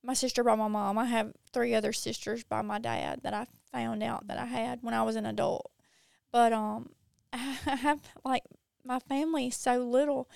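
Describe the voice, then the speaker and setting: Southern guest: woman, Mississippi accent, fry in the voice, smooth and dry, animated storyteller. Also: fairly high pitch, normal speed, no room sound. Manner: animated, laughs often. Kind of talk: casual chat.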